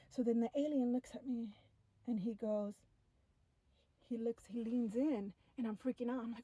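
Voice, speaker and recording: Animated young woman telling a story. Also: on the high side, brisk, slightly rough, no room sound, highs cut off. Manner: animated, breathless retelling with many "like" fillers. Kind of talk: casual first-person storytelling to camera.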